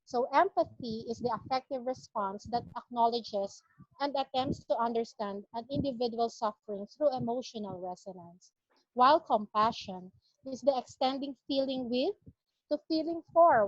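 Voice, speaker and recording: Woman doctor giving a lecture, earnest and explaining things carefully, pitch a bit high, dull dry audio. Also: normal speed, dry recording. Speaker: palliative care consultant lecturing. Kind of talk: medical lecture.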